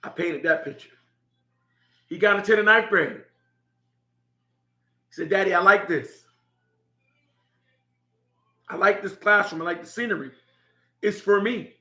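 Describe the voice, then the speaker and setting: High, bright-voiced father telling a story. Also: measured pace, long pauses. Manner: heartfelt, laughing as he tells it. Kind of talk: personal storytelling. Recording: echoey room.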